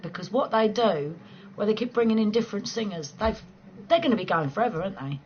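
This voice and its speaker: A woman's voice: medium pitch, animated, brisk, highs cut off, slight background noise. A woman, chatting casually and playfully on a late-night livestream from home, swearing freely and laughing often. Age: 40s. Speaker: livestream host chatting with viewers.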